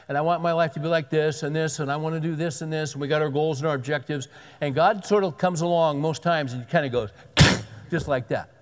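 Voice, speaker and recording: A pastor preaching a sermon in a conversational, emphatic way, repeating key words for weight. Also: male voice, a little high, steady tone, a little fast. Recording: long hall reverb.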